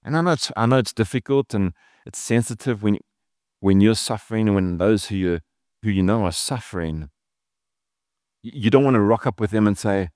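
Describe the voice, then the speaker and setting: A man's voice: on the low side, normal speed, a little mellow, no room sound, clean studio sound. A man, a pastor, giving an earnest, conversational sermon with casual asides.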